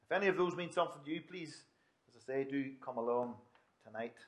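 A man's voice: medium pitch, quick pace. A man preaching a sermon in a conversational way, with asides and restarts.

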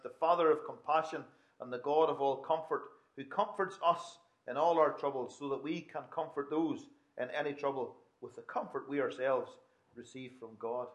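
Man preaching a chatty sermon, slightly high voice. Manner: conversational, with asides and restarts.

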